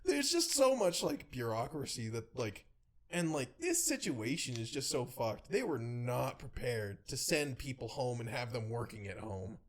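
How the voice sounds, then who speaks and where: Man, twenties, podcast co-host, animated storyteller, lively pitch. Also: a little slow. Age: 20s. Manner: animated storytelling, acts out loud shouting voices; profane, laughs often. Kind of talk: casual chat.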